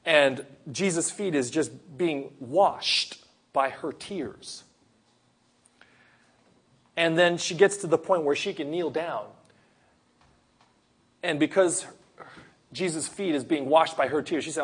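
A man preaching a sermon, retelling a Gospel story in an earnest, storytelling way with pauses and sudden emphasis. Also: a little high, husky.

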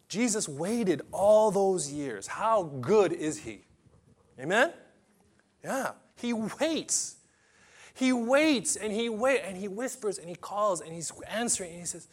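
A male pastor preaching a dramatic sermon, swinging from loud declarations to quiet asides. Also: high-pitched, sing-song, slow, gravelly, husky.

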